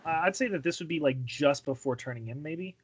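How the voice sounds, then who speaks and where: Amid crowd noise, a man with a fairly high voice speaks briskly while playing a tabletop game. Mixing casual game chat with in-character talk, he patiently coaxes another character as though speaking to a child.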